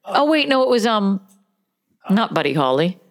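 A woman co-hosting a podcast, trading quick sarcastic jokes in casual comedic banter. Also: medium pitch, very animated. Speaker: podcast co-host.

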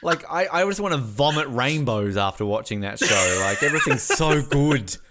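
A man's voice: medium pitch, lively intonation, heavy background noise. A man co-hosting a podcast, joking around in a casual movie chat. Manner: jokey, quick asides. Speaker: podcast co-host.

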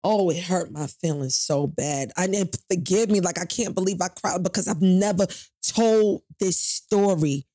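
In a studio-quality recording without room sound, a middle-aged New York woman gives an interview about her life, telling a painful story frankly and profanely while performing the voices of the people in it. Her voice is fairly low and dark, at a moderate pace.

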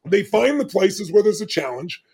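Gravelly man in his 60s, high for a man, podcast guest, emphatic dramatic storyteller. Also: big pitch swings, moderate pace, darkish tone. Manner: emphatic, dramatic storyteller with big swings of pitch. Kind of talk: animated storytelling in conversation.

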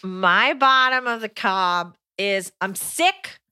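A woman's voice: medium pitch, takes it slowly, pushed and bright, clear, resonant tone, no echo, studio quality. A woman in her thirties co-hosting a podcast in casual chat, giggly and drawn out when she complains. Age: 30s. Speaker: podcast co-host.

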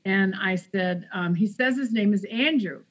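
Woman, podcast guest, storytelling, acts out dialogue, mid pitch, muffled lo-fi audio. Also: measured pace. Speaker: guest author. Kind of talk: casual storytelling interview.

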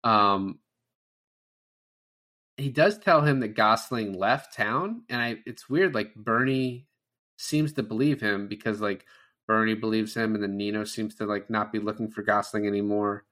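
A podcast co-host with a fairly low voice talks a bit slowly while casually discussing a film. He's animated, swears often, and acts out the characters' lines.

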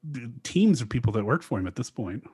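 A man's voice: medium pitch, sing-song, quick pace, mellow, husky, no room sound, clean studio sound. A man co-hosting a podcast in casual chat, telling a story in a laid-back way with fillers and chuckles. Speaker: podcast co-host.

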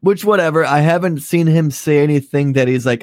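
A man's voice: on the high side, steady tone, a little fast, hardly any pauses, darkish tone, no room sound. A man co-hosting a casual political podcast, giving his opinions in a conversational, swearing way. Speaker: podcast co-host.

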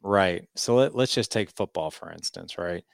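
A man's voice: low voice, normal speed, vocal fry, no echo, studio quality. A man in his forties, a podcast guest, telling a personal story in casual talk and acting out the dialogue. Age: 40s. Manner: animated, acts out quoted dialogue.

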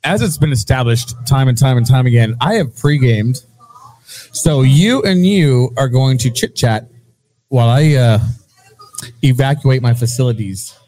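A man's voice: mid-range voice, measured pace, darkish tone. A man co-hosting a podcast in casual chat, joking and crude, tossing in silly accents. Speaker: podcast co-host.

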